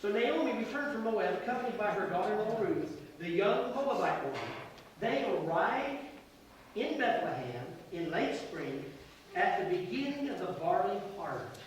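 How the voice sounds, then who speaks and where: A man in his sixties preaching a sermon as pastor, telling a personal story with emotion, swelling loud and then dropping quiet. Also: high-pitched, sing-song, moderate pace. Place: church sanctuary. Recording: echoey church hall from far off, with noise.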